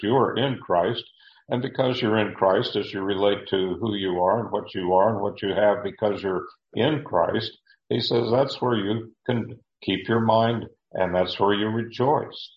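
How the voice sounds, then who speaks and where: Low male Bible teacher, deliberate and halting, in a roomy, muffled recording. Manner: deliberate, with frequent fillers and repeated words.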